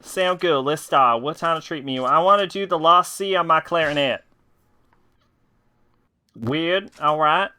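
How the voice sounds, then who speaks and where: Bright-voiced joking male streamer. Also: a little high, a little slow, long pauses, clear, resonant tone. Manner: joking, profane, giddy. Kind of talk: casual gameplay commentary.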